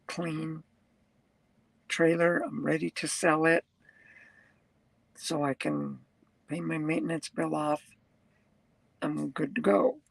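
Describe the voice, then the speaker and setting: A truck driver rambles through a live-stream chat, greeting viewers and reading their comments, with frequent laughs. The voice is husky and gravelly and takes its time, and the sound is close and dry. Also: medium pitch, fairly bright tone, no echo, poor audio. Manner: laughs often.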